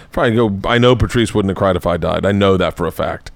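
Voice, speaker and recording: A middle-aged man hosts a podcast in casual chat, telling stories in a blunt, profane way. His voice sits a bit low. The sound is dry and close. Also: fast, creaky, dry recording. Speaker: podcast host. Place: indoor home studio.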